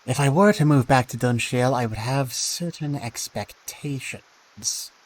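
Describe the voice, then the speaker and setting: A man's voice: medium pitch, a little slow, a little hiss or hum, close to an everyday voice, poor audio. A man voicing a resentful grown son in a game, making formal, indignant demands.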